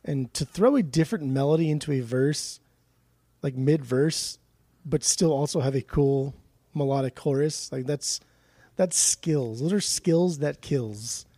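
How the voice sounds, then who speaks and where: A man's voice: on the high side, mellow, no room sound. A man co-hosting a casual music podcast, joking easily and laughing at himself. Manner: joking, easygoing, quick to laugh. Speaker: podcast co-host. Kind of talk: casual chat about music.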